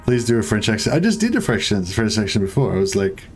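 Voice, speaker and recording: A young man with a lowish voice talks his way through a strategy game on stream. He rambles, jokes and answers his viewers in a loose, offhand way, with a little swearing mixed in. Soft game music plays faintly underneath. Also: very animated, fast. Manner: rambling, joking, chats with viewers, mild swearing. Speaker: gaming streamer. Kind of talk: casual let's-play commentary.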